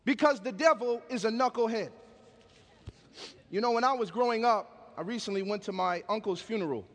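A man's voice: high-pitched, normal speed, in a large hall. A man preaching a sermon, telling stories with emphatic call-and-response.

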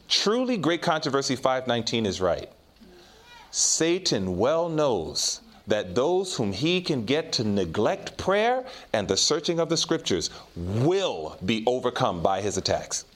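Male preacher, sermon delivery, lively pitch, rises for emphasis and drops low for stories. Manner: preaches in rising and falling swells, drops low and quiet for personal stories.

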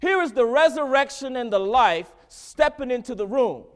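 High-voiced fervent male preacher. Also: lively intonation, normal speed. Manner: dramatic swings from hushed to loud, preaching with fervor. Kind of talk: sermon.

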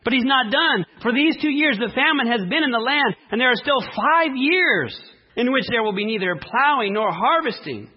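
A man preaching a sermon, reading scripture dramatically and speaking with emphasis and long pauses. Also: very high-pitched, lively intonation, husky, muffled recording. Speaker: pastor.

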